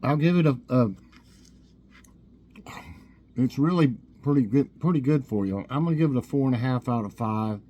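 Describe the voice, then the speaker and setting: A man's voice: mid-range voice, normal speed, pauses often, dull audio. A man hosting a casual snack review show, chatting easily and eating as he talks. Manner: relaxed, chatty, eats while talking.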